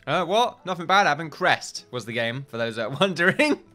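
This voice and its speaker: Tired guy rambling through his let's play, bright voice, keeps chuckling and fixing what he just said. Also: fairly high pitch, lively intonation, fairly quick, soft background music. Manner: rambling, self-correcting, chuckling often. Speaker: gaming video host. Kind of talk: casual let's-play commentary.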